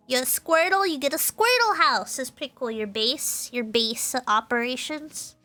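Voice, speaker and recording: A woman's voice: high voice, lively intonation, normal speed, few pauses, sharp tone, faint music behind. A tipsy woman streamer rambling through a casual explanation, giggly and loose, often correcting herself mid-sentence. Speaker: VTuber streamer.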